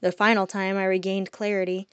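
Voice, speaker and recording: Woman narrating a fantasy story, soft-spoken. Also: mid-range voice, little pitch movement, brisk, smooth, no echo, muffled recording. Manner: soft, drops quiet on reflective lines. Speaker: audiobook narrator. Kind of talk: first-person storybook narration.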